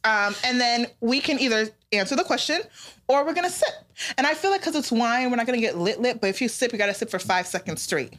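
Young woman co-hosting a chill podcast, high lively voice, laughs a lot. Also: quick pace. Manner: animated, laughing, acts out quotes. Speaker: podcast co-host. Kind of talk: casual chat.

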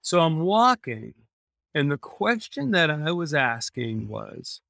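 A man's voice: fairly high pitch, big pitch swings, slow, creaky, bright, forceful tone, no room sound. Earnest man telling his story, dry sound. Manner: earnest, repeats phrases for emphasis. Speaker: podcast guest. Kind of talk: personal storytelling in a conversation.

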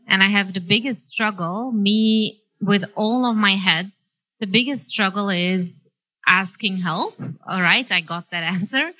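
A woman's voice: medium pitch, bright, forceful tone, low-quality recording. A woman on a live panel, talking reflectively and hesitantly, searching for words.

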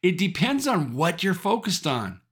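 High, lively preaching man. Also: a little slow. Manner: emphatic, repeating rallying phrases. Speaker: pastor. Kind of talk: sermon.

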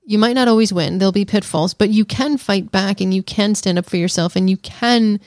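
A woman's voice: medium pitch, brisk, darkish tone, dry recording, studio quality. A woman co-hosting a casual film review podcast, thoughtful and teasing, often restarting her sentences. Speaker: podcast co-host.

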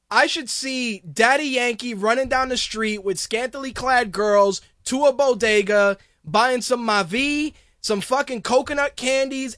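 A podcast host of Hispanic background rants in a profane, sarcastic, casual commentary style. His voice is very high, bright and forceful, recorded with clean studio sound and no echo.

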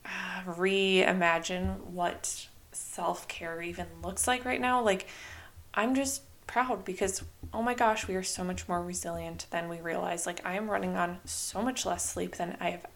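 A young woman hosting her own podcast in a casual, chatty way, full of "like" and "you know", now and then quoting herself in lively voices. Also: lowish voice, a little slow. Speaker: podcast host. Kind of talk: casual solo podcast talk.

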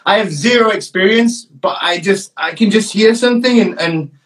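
Chatty northern English man, high voice. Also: normal speed, background noise. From England. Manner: chatty, playful, slips into mock accents. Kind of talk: casual podcast chat.

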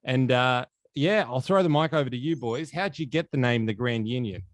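A man hosts a relaxed band interview in a mid-range voice, joking with his guests and laughing readily. His voice sounds close and dry, with no room around it. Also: mid-range voice, normal speed, dry recording. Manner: jokey, laughs often. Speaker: host. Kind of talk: casual interview.

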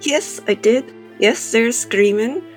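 A woman voicing an absent-minded botanist with an Australian accent, who mumbles through a clenched jaw and keeps losing track of what she is saying, with soft music behind. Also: a little high, slow pace. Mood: dotty, forgetful. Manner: forgetful, wandering, easily sidetracked.

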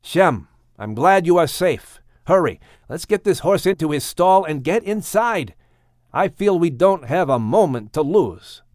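A man's voice: on the high side, very animated, measured pace, a little mellow, no echo, studio quality, pitched above the performer's own voice. A man voicing a firm old patriarch. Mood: urgent. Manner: urgent, commanding instructions. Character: aged male patriarch, firm and caring. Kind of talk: audiobook character reading.

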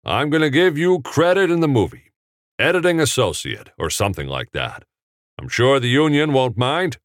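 A man playing a decisive male film director who speaks in a brisk, commanding way. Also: mid-range voice, sing-song, no room sound, studio quality, voice pushed up, natural voice. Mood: businesslike.

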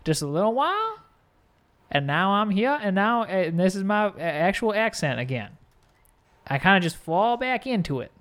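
A man playing a bumbling defense lawyer in an improvised courtroom comedy scene, rambling and halting over his words. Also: high-pitched, very animated, a bit bright. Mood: flustered. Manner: rambling, halting, full of fillers. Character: bumbling male defense lawyer claiming a Dutch past.

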